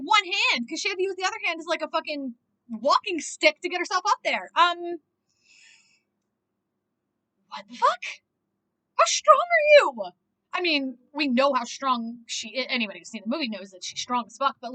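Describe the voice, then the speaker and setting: High-pitched woman ranting about a movie, swears a ton, bright edgy voice. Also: poor audio. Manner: animated, swears constantly, exclaims and laughs. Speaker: movie reaction vlogger. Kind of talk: casual reaction commentary.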